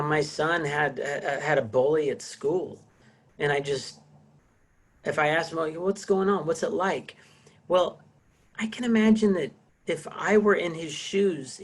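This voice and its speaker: A man's voice: fairly high pitch, breathy edge. A middle-aged man teaching a casual class over a video call, rambling with many restarts. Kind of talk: casual online class lecture.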